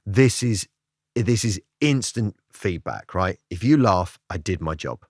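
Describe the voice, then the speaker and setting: A comedian being interviewed, talking in a reflective, self-deprecating way and breaking into laughter now and then. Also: male voice, on the low side, animated, measured pace, slightly rough, no room sound, studio quality. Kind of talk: candid interview chat.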